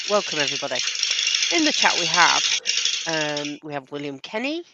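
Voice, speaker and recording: A woman's voice: sits low, big pitch swings, moderate pace. A woman co-hosting a casual live stream, teasing and reading names out from the chat. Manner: teasing, reads names in a list. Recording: noisy live-stream audio.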